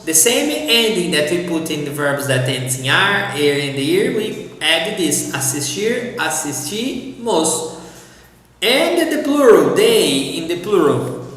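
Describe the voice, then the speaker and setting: Brazilian-accented man, language teacher, unhurried, patient, very echoey room, long reverb. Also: fairly high pitch, very animated, fairly bright tone. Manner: patient, repeats words slowly for practice. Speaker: Portuguese teacher. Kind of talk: online language lesson.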